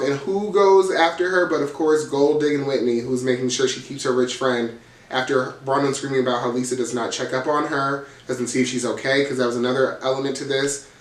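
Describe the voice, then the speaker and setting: A man's voice: medium pitch, far from the mic. A man hosting a casual reality TV recap, telling the drama in a gossipy, profane, dramatic way. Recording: roomy, from off the mic.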